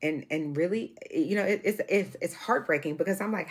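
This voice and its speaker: Woman, 40s, low voice, husky, emphatic, repeats herself, vlog monologue. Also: brisk, hardly any pauses. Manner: emphatic and repetitive, full of restarts. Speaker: vlogger. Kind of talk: emotional to-camera monologue.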